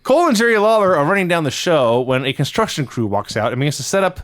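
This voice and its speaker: A man co-hosting a casual wrestling podcast, recapping events quickly and laughing often. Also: a little high, big pitch swings, a bit bright. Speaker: podcast co-host.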